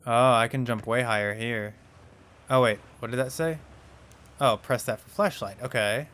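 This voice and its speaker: A man's voice: mid-range voice, normal speed, fairly bright tone. Chatty man commenting on a game. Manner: chatty, wondering aloud, easily startled. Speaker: let's play host. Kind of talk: casual gameplay commentary.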